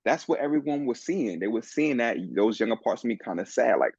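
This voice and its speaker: A man guesting on a podcast, telling a personal story in an earnest, animated way with many restarts. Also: medium pitch, a little fast, gravelly, breathy edge, dry recording. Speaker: guest, men's coach. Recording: dull, dry lo-fi sound.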